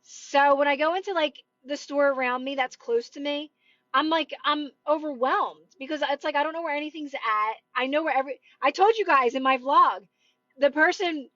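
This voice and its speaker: A woman's voice: sits high, moderate pace, bright, forceful tone, no room sound. A woman who coaches manifestation, chatting casually with livestream viewers in a rambling way, full of "like" and "right?". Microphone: phone livestream. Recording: dull, dry phone livestream audio.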